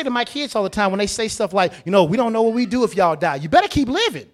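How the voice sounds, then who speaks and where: A high-voiced man preaches a sermon. He repeats his phrases and swings between hushed asides and loud, emphatic declarations. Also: sing-song, fast talker. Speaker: pastor.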